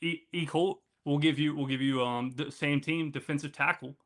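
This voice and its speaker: A man guest on a sports betting show, talking through his college football picks in a halting, offhand way. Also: fairly high pitch, steady tone, fairly bright tone. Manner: halting, lots of fillers and restarts, offhand. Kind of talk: casual sports betting chat.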